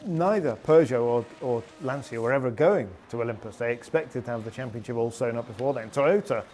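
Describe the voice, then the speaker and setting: A rally pundit on a panel tells long, rambling anecdotes in casual chat, full of fillers and restarts. His mid-range voice is brisk and a little mellow, with slight background noise.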